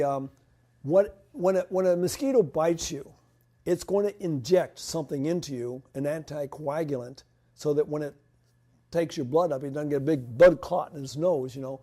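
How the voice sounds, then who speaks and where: A man's voice: on the high side, moderate pace, dark tone. A man giving health advice as he answers audience questions, practical and loose, often stopping to restart a sentence. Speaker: health lecturer.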